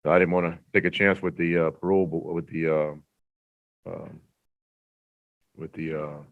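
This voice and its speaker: Deep, flat-voiced man in his fifties, hesitant, over a tinny prison line. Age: 50s. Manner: halting, hesitant, polite. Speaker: parole applicant. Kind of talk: answering questions at a hearing. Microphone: remote audio link from a prison. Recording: tinny phone-like remote line.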